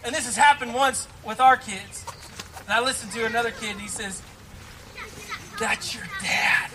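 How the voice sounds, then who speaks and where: A man's voice: very high voice, a little fast, background noise. A man preaching a sermon outdoors at a church service, with an earnest, repetitive cadence, leading into a closing prayer. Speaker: pastor.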